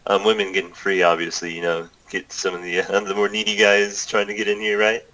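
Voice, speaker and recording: A man voicing a big, bearded, gruff male sailor who rambles and chuckles while scheming. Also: lowish voice, completely flat delivery, fairly quick, bright, forceful tone, poor audio.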